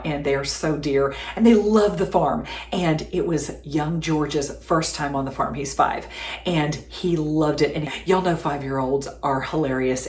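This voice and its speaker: A woman's voice: low-pitched, a little mellow, echoey room. A middle-aged woman hosts a home cooking show, chatty and affectionate, laughing often. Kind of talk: casual home cooking demonstration. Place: home kitchen.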